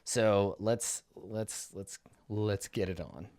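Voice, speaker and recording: A man narrates a tabletop game as game master, moving quickly between rules and the action. His voice sits on the low side. The sound is dry and close, with no room around it. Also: darkish tone, dry recording.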